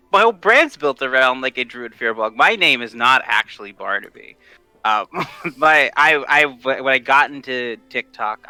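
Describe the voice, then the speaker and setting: A man's voice: medium pitch, bright, forceful tone, clean tone, dry recording, rough recording. A man from Washington state, chatting as a podcast guest, enthusiastic and laughing often, with stammering restarts. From Washington state, USA. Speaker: guest, tabletop content creator. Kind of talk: casual interview chat.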